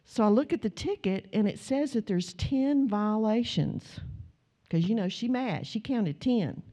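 An older woman, preaching a sermon and telling a lively story in which she acts out the voices of her family. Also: fairly high pitch, a little slow. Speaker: pastor.

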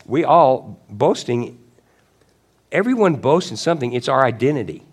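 A man preaching a sermon in an easygoing, conversational way. He rambles into asides and corrects himself mid-sentence, and his voice sits at a middling pitch. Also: very animated, moderate pace, slightly rough. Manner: conversational preaching, acts out quotes with rising pitch and shouts. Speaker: pastor.

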